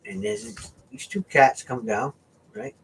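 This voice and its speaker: A man from the US East Coast telling a casual fishing story, animated and often checking in with "right?". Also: high voice, takes it slowly, vocal fry, husky. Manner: animated, keeps asking "right?". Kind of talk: casual anecdote.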